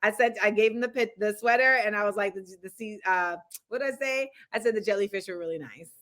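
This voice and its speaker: A woman hosts a podcast and tells a comic tale from her own life. Her voice is bright and forceful, and she slips into the voices of the people in her story. Her phrasing is casual and full of slang. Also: mid-range voice, fast. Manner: animated, acts out the people in her stories. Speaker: podcast host. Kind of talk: comedic personal storytelling.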